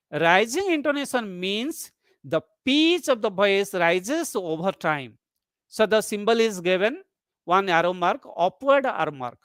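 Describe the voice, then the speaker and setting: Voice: medium pitch, a bit bright, no echo. A lecturer giving an academic webinar talk, explaining things step by step and restating each definition. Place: online webinar.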